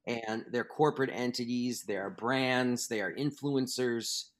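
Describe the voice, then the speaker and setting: Male author guest, mid-pitched, emphatic and animated, talkative interview style. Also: unhurried. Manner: animated, emphatic, restarts thoughts. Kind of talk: interview conversation.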